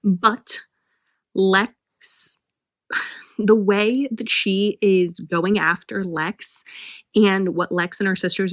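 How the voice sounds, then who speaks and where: A woman's voice: medium pitch, no room sound. A woman talking passionately and emphatically in a casual book review vlog, with frequent fillers. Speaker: book vlogger.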